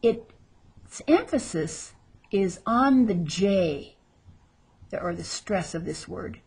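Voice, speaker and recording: Very husky-voiced woman teaching slowly. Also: medium pitch, animated, darkish tone. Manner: drills words slowly, repeating each with exaggerated pronunciation; chatty asides between drills. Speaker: Spanish teacher. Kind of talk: recorded vocabulary lesson.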